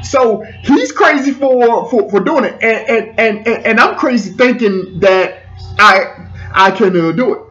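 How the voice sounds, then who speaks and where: A man in his forties from the Washington DC area tells a personal story, repeating phrases and stumbling over restarts. He has a high, fairly bright voice and speaks unhurriedly. The recording sounds dull and lo-fi, with faint music.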